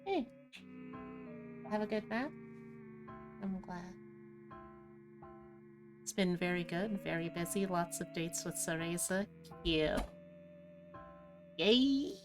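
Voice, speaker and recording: A woman hosting a live stream, chatting casually with her audience in a low-key, rambling, self-deprecating way. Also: slow, pauses often, music in the background. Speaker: streamer host.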